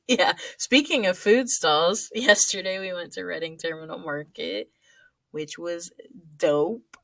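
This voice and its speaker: A young woman co-hosting a casual podcast chat, playful and quick to laugh. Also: on the low side, vocal fry, fairly bright tone, no room sound. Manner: laughs often, chatty and playful. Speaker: podcast co-host.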